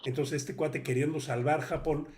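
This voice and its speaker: A man's voice: a little high, fairly even intonation, a little mellow. A male host, retelling a guest's story in a rambling, casual way before handing over the question. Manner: rapid, rambling retelling with fillers.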